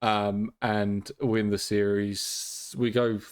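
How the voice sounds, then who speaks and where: A man hosting a casual cricket podcast, talking with dry, deadpan humour and plenty of ums. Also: lowish voice, slow, smooth. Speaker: podcast host.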